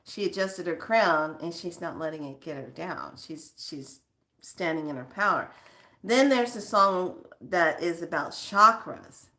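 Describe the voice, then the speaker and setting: A woman's voice: lowish voice, a little slow, pushed and bright. A woman vlogger chatting casually with her viewers, laughing often and swearing for emphasis. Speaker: spiritual vlogger.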